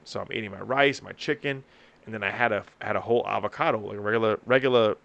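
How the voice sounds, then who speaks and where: A young man hosting a casual podcast, telling profane, animated stories to his co-hosts. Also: lowish voice, quick pace, vocal fry, dry recording, lo-fi sound. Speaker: podcast host. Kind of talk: casual chat.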